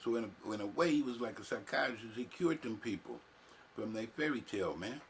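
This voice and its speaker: A man's voice: on the low side, expressive, brisk. Guy ranting jokey and crude at a video he's watching, bit of hiss. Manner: loud, joking, crude, talks back at the clip. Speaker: reaction video host. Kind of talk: profane casual commentary over a clip.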